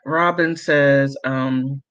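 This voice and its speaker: Very slowly and in a steady, mid-range, slightly bright voice, a man hosting a livestream casually reads out viewer comments. He keeps laughing between remarks and rambles with lots of fillers, all over dull-sounding audio.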